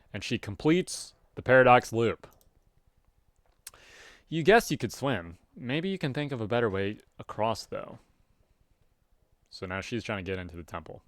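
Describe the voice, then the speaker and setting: A man reading a webcomic aloud and chatting about it casually, with sudden loud, animated outbursts. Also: fairly low pitch, dry recording. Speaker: webcomic reader. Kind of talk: casual read-aloud with commentary.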